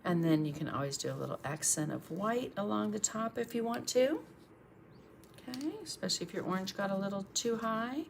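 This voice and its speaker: A woman's voice: mid-range voice, animated, fairly quick, creaky, a little hiss or hum. A woman art instructor chatting through a live painting tutorial, thinking aloud as she works and thanking viewers for their comments.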